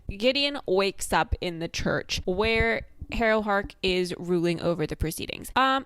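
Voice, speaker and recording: A woman's voice: mid-range voice, no room sound. Woman, young adult, playful book recap, wry asides, dry mic.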